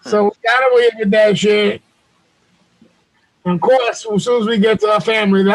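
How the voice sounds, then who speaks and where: A man hosting a show over a video call, telling a story in a loud, profane, animated way. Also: high voice, normal speed, pauses often, a faint crowd, low-quality recording. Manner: loud, profane, animated retelling with acted quotes. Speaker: podcast host.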